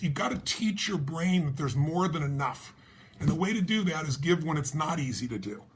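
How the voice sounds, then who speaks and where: Husky man telling a story. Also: a little high. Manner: animated storytelling, acts out dialogue. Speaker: speaker appealing for donations. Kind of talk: personal story and charity appeal.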